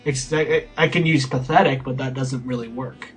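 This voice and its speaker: A man in casual ranting commentary, sarcastic and halting, often repeating words as he starts a sentence. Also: mid-range voice, steady tone, faint music behind.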